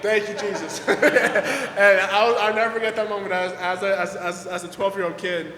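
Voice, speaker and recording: A young man, telling stories at a skate event Q&A in a casual, animated way, full of fillers and acted-out quotes. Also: high voice, normal speed. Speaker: guest pro skateboarder. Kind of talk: casual storytelling at a Q&A. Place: event hall with audience. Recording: echoey hall, faint ambience.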